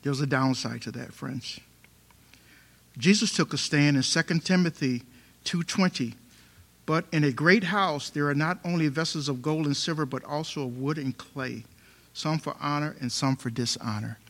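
A man's voice: fairly high pitch, moderate pace, a bit bright. A man preaching a sermon, emphatic and fond of repeating rhetorical questions.

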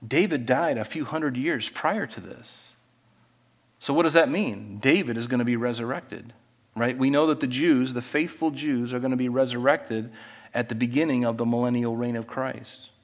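A male pastor preaching an expository sermon, reading scripture with loud emphasis and dropping to quiet conversational asides and rhetorical questions. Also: mid-range voice, normal speed, long reverb tail.

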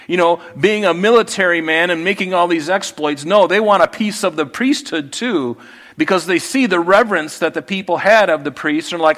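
A man preaching a verse-by-verse Bible study, reading passages aloud and explaining them with lively emphasis and quieter asides. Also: on the high side. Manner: animated, swings between loud emphasis and quiet asides. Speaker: pastor. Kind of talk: expository Bible teaching.

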